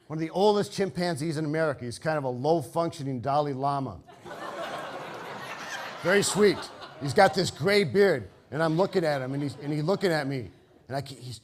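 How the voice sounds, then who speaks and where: Older man, live storytelling, wry, halting restarts, slightly high voice, stage mic. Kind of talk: live comic storytelling monologue.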